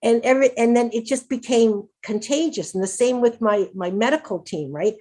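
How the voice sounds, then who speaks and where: A woman's voice: a little high, moderate pace, a little mellow. A middle-aged woman giving an upbeat, chatty conference talk as a patient advocate, laughing often and restarting her sentences. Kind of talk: conference presentation.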